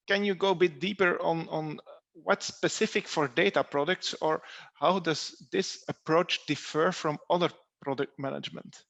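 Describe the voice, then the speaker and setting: Gravelly moderator man, hesitant. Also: fairly high pitch, fairly bright tone. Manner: hesitant, many "uh" fillers. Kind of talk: reading audience questions.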